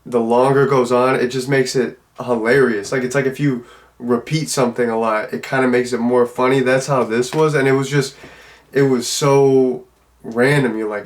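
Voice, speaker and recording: A man's voice: mid-range voice, steady tone, moderate pace. A man giving a casual, loose and rambling spoken review of a film. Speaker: movie reviewer.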